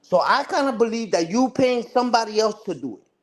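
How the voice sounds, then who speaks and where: A man's voice: very high voice, expressive, fairly quick. A man ranting casually on a livestream, taunting and repeating himself. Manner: taunting, repetitive, says "respectfully" and "you heard".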